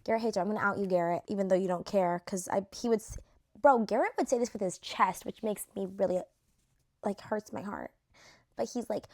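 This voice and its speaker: A woman's voice: mid-range voice, brisk, darkish tone. A young woman vlogging in casual chat, gushing and chatty, leaning on "like" and dropping swear words, her voice a little worn. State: losing her voice. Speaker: vlogger ranking reality show cast.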